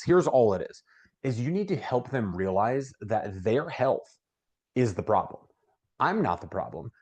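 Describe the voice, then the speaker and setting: A middle-aged man giving casual sales training, talking conversationally and acting out client conversations in a brighter voice. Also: lowish voice.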